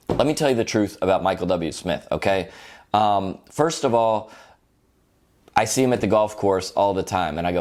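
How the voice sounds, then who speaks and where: A man delivering roast comedy in a dry, mock-complaining voice. He sounds sarcastic and put-upon, with a middle-pitched voice.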